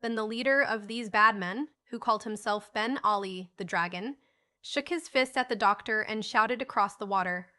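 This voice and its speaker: A woman's voice: mid-range voice, normal speed, sharp tone. A woman narrating a children's storybook audiobook, reading each character in a lightly lifted voice.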